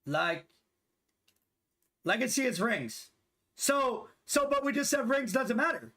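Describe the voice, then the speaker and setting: This gaming streamer, a man in his twenties, plays a basketball video game with teammates and keeps up loose, profane, rambling banter. He talks slowly in a very high, sing-song voice with a sharp tone.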